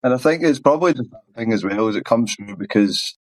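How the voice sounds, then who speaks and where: A man's voice: medium pitch, lively intonation, fast, no room sound. A man with a thick Glaswegian accent answering interview questions in a rambling, frank way, swearing casually. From Scotland. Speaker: band's singer.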